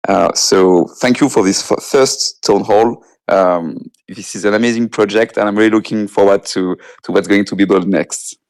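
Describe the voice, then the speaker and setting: A man with a French accent, a French native speaker, thanking the team in a polite, halting way with frequent small laughs. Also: fairly low pitch, a little mellow. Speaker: community member. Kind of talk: casual voice chat.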